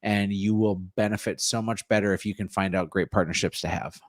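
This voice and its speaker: A man guest, a real estate coach, answering interview questions in an energetic, salesy way. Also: fairly low pitch, fairly quick, no echo, studio quality. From North Dakota. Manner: energetic, salesy, plugs his offers.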